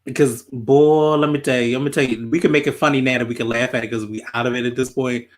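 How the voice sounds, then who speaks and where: A man's voice: mid-range voice, fast. Man telling a story. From Baltimore, USA. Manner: animated, profane, repeats himself while telling a story. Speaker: podcast host. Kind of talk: casual storytelling.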